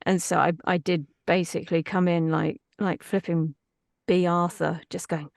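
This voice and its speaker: A woman's voice: lowish voice, flat delivery, normal speed, gravelly, no room sound, clean studio sound. A woman, a voice actress chatting in an interview in a chatty, self-deprecating way. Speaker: voice actress guest. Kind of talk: casual interview chat.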